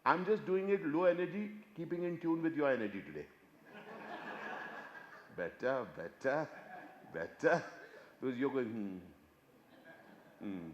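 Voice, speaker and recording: An older man with an Indian accent doing a chatty, self-mocking stand-up set, switching between Hindi and English and swinging from hushed asides to loud bursts. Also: a little high, animated, measured pace, long pauses, a little hiss or hum. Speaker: stand-up comedian. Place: large conference hall. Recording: echoey hall, muffled PA sound.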